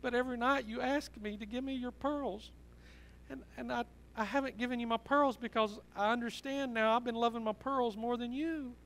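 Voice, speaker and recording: A man voicing a six-year-old girl who is devoted to her pearls, speaking softly and pleadingly. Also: mid-range voice, fairly quick, lightly acted, low-quality recording. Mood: tearful. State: crying.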